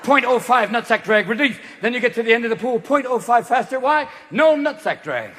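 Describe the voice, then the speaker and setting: A man in his sixties doing a stand-up comedy routine on a theater stage, manic and profane, leaping into voices and shouted bursts. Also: very high voice, animated, a little fast, slight background noise. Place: theater stage with live audience. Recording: reverberant hall, live audience.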